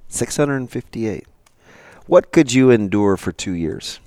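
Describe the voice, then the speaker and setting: A man's voice: medium pitch, expressive, measured pace, darkish tone, dry recording, studio quality. A man co-hosting a live sports radio show, talking animatedly, reading quotes aloud and stumbling over words. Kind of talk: casual sports talk.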